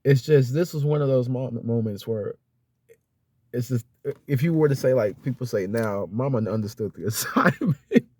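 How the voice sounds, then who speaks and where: A young vlogger earnestly recounts something personal, his heartfelt rambling packed with fillers and restarts, and at moments he nearly tears up. He speaks at a medium pitch and moderate pace in a darkish tone. The recording is dry.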